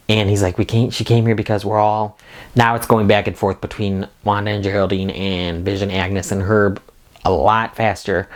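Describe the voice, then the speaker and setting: Man, lowish voice, enthusiastic, rambling, casual review host, lots of fillers. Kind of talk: casual spoiler recap and review.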